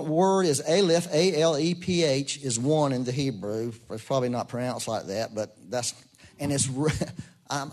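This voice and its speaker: A middle-aged man preaching a sermon in a folksy, storytelling way, acting out quoted voices. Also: on the high side. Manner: folksy, storytelling, animated quoting. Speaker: pastor.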